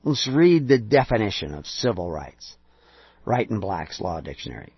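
Husky, animated man preaching. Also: fairly low pitch, moderate pace, no room sound. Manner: emphatic, rhetorical questions, sarcastic asides. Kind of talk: preaching lecture. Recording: dull lo-fi recording.

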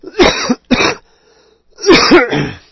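Husky, animated man preaching. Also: extremely high pitch, very slow, dry recording. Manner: emphatic, rhetorical questions, sarcastic asides. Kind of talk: preaching lecture. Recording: dull lo-fi recording.

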